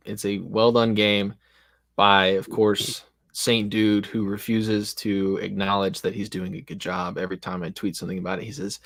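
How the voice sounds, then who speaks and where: A man's voice: fairly low pitch, level tone, moderate pace, a bit bright, no room sound, clean studio sound. A man hosting a casual live-stream chat about tabletop games, rambling and self-deprecating. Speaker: podcast host and game master.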